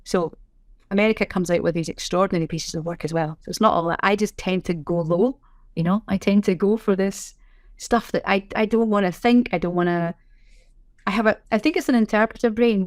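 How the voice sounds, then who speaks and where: A middle-aged Scottish woman, a sign language interpreter, chatting in a podcast interview with a lively, self-deprecating way of telling things. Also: mid-range voice, fairly quick, no room sound, clean studio sound. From Scotland. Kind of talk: casual interview chat.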